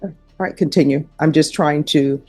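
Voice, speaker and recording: A woman's voice: sits low, normal speed, a little mellow, slightly rough, faint music behind. A woman judge questioning a defendant from the bench, firm and direct. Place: courtroom.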